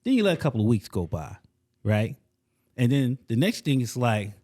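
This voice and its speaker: Lively storytelling male podcast host. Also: mid-range voice, moderate pace. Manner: emphatic storyteller, acts out dialogue. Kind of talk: casual podcast chat.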